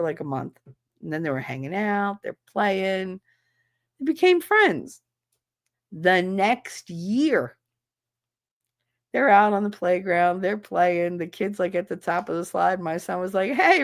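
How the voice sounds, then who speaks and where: A woman, a schoolteacher, chatting casually on a stream and telling an animated family story with blunt language and bursts of laughter. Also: on the low side. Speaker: livestreamer and schoolteacher.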